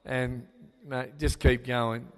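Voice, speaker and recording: A man's voice: medium pitch, little pitch movement, takes it slowly. An older man with an Australian accent giving a rambling, sentimental father-of-the-bride speech, full of fillers and restarts. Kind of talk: wedding speech. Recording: long hall reverb.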